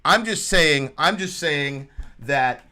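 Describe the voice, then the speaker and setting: A man's voice: fairly high pitch, animated, slow pace, pushed and bright. A man co-hosting a livestream talk show, preaching animatedly and acting out quoted voices. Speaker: show co-host.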